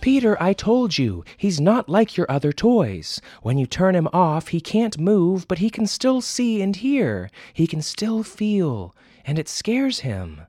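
A man doing a harried storybook mom, voice pushed way up high and loud, scolding and stern, swooping all over the place as she lectures her kid. dry close sound, a little music under it. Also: big pitch swings, a little slow, hardly any pauses, no room sound, heavily acted. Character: stern exasperated young mother.

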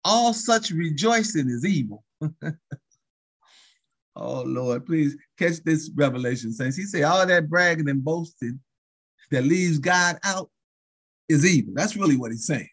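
Husky preacher man, rising and falling. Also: measured pace, long pauses, fairly bright tone. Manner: call-and-response preaching with frequent "saints" and "thank you, Jesus"; chuckles between phrases, pitch swings widely. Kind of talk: sermon.

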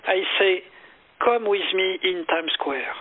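High-voiced man on a phone line. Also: slow. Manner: earnest, emphatic, repeats phrases for effect. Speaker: guest meditation teacher. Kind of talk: interview storytelling. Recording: phone-line call audio.

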